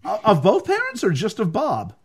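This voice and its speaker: A man co-hosting a casual film discussion podcast. He is animated and laughs often. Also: normal speed, husky. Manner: animated, laughing, swings between high and low. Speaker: podcast co-host.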